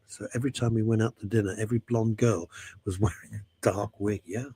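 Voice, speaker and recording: Gravelly-voiced chatty radio host. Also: male voice, on the low side, fairly even intonation, fairly quick, warm tone. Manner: chatty, jokey storytelling, reading out listener messages. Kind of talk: casual radio chat.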